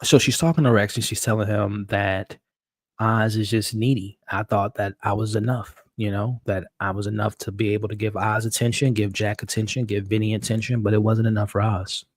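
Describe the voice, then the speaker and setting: A man hosting a live-stream recap of a TV episode, talking excitably and stumbling over repeated words as he restarts his sentences. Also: lowish voice, fairly quick, no room sound. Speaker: show host. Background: dog.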